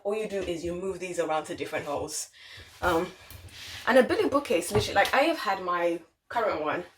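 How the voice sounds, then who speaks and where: Brief: low-voiced woman home vlogger, loose and chatty, faint hiss. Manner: chatty, informal, lots of "literally" and "like". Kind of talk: casual how-to vlog chat. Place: home living room.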